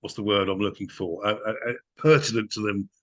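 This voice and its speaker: A man's voice: fairly low pitch, steady tone, a little fast. A man as a guest in a casual political chat, indignant and emphatic. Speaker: guest commentator.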